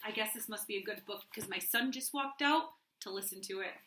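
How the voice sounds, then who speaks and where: A woman teacher at home, reading a picture book aloud to young children in a warm, encouraging way. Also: medium pitch, brisk, background noise. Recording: roomy echo at home.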